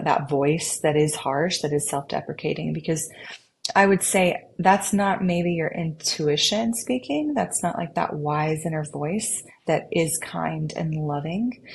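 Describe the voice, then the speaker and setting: Low-voiced woman talking earnestly. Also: vocal fry, slight background noise. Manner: warm, earnest, acts out inner dialogue in quotes. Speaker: podcast guest. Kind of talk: reflective conversation.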